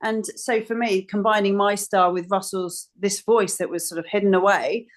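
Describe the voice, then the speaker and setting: A woman, a composer, calmly explaining her thinking in a radio interview. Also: medium pitch, normal speed. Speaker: guest composer. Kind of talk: casual interview. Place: radio studio.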